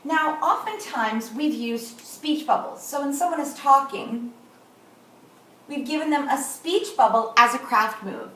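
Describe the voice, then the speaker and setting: A woman in middle age teaching kindergarteners at a whiteboard, slowly and deliberately modeling words and sounds. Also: sits high, animated, pushed and bright, slight background noise. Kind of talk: teaching a class. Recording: echoey room, far from the mic.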